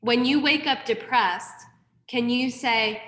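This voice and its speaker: Woman, Buddhist teacher, slow deliberate delivery, frank and casual, echoey room. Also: on the high side, a bit bright. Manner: frank, candid teaching with mild profanity and self-deprecating asides. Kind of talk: dharma class lecture.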